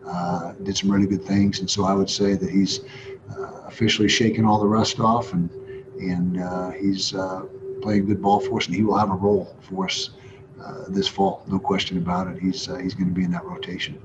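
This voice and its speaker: A male football head coach answering reporters in a steady, assured way. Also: deep voice, normal speed, over music. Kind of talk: press conference answers. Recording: dull audio with background noise.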